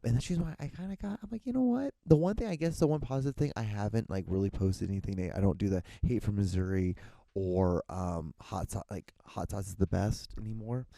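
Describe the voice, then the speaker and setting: Young guy rambling on his solo podcast, swears a lot, lowish mellow voice. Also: gravelly, no room sound. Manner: rambling, restarts often, swears casually. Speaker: podcast host.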